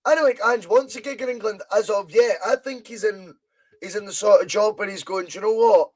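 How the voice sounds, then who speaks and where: A man's voice: sits high, brisk. A Scottish man hosting a live football watch-along podcast, chatting in a rambling way and reading viewer comments aloud. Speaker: podcast host.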